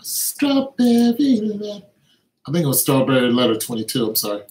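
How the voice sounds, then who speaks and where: A man hosting a casual livestream, talking playfully to his viewers and muttering to himself while he works music software. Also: medium pitch, steady tone, racing, very noisy. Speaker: livestream host. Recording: roomy echo with faint music.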